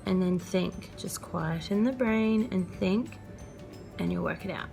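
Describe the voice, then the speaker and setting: A woman's voice: lowish voice, unhurried, vocal fry, mellow, soft background music. A young woman, chatting earnestly and casually as a mother giving parenting advice, laughing often. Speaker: vlogger and mother.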